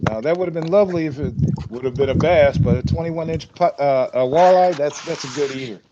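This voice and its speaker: A man's voice: on the high side, a little fast. A man hosting from a fishing boat, talking easily and giving practical advice to his partner. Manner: relaxed, advising, chuckles often. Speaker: host angler. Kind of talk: casual chat while fishing. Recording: dull lo-fi sound with steady noise.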